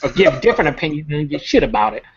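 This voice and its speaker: A man's voice: fairly high pitch, sing-song, racing, slightly rough. A man hosting a casual group video chat, joking around and adding "baby" to his sentences, heard through a webcam. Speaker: host. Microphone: webcam on a video call. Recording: muffled lo-fi video call audio.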